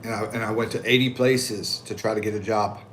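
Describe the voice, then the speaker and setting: Fairly low in pitch and a touch fast, this American streamer works through his chat from home in the Philippines. He reads comments with animated voices, laughs frequently and replies in a loose, easygoing style, with a little hiss or hum in the audio.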